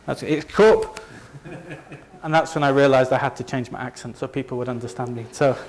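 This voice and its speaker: A man with a Leeds accent talks an audience through his slides in an easygoing, chatty way. He often restarts his sentences and pokes fun at himself. His pitch sits in an ordinary middle range for a man. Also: fairly even intonation, brisk. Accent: Northern English, Leeds. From north of England. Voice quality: conversational, self-deprecating, frequent restarts. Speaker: company presenter. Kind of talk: conference presentation to a live audience.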